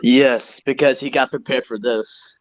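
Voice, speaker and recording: A relaxed young man chatting on a podcast in a mid-pitched voice. The sound is dull and lo-fi, with no room echo at all. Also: a little slow. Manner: relaxed, chatty, loose asides. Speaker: co-host. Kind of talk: casual podcast chat. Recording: dull lo-fi recording.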